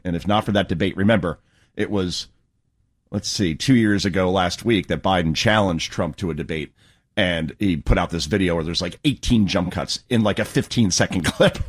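A man hosting a political talk show, sarcastic and mocking, with quick asides. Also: fairly low pitch. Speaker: radio talk show host. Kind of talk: opinionated political commentary.

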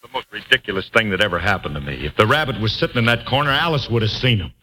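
A man acting the flustered lead of a 1940s radio comedy, exasperated and excitable. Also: lowish voice, racing. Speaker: sitcom lead. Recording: very noisy old radio broadcast.

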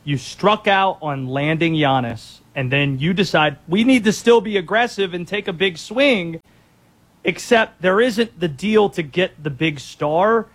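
A man's voice: high voice, measured pace, a bit bright. A man co-hosting a sports talk radio show, teasing his partner and steering into the next topic. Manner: wry, teasing, sets up segues.

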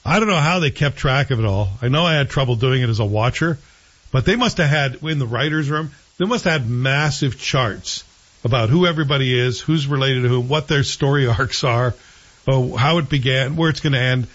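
A man's voice: mid-range voice, a little fast, a bit bright, dull audio. A man hosting a show, chatting casually and with strong opinions about a TV series he is watching. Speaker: show host. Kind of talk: casual TV review chat.

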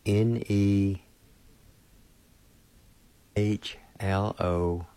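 A man hosting a radio language lesson, spelling out words and pronouncing them with slow, deliberate care. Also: on the low side, little pitch movement, warm tone, clear, resonant tone. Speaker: language teacher and radio host.

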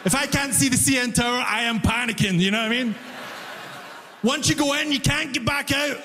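A man with a notably high voice performs stand-up comedy, spinning an animated story and slipping into the voices of its characters. His voice carries a long live-room reverb with a faint murmur of ambience behind him. He speaks into a handheld stage mic. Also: a little fast, a little hiss or hum. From immigrant to Canada.

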